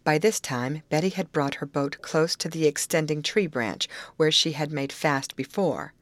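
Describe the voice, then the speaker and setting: A woman reading a classic novel aloud in a measured narrating style, lifting her voice for the characters' lines. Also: low voice, dry recording. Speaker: audiobook reader. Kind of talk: scripted narration.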